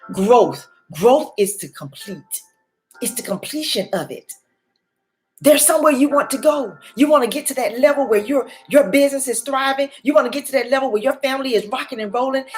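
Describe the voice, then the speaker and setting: A woman in her forties or older, a life coach giving a faith-based motivational talk, repeating her key words for emphasis. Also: a little high. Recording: faint music behind.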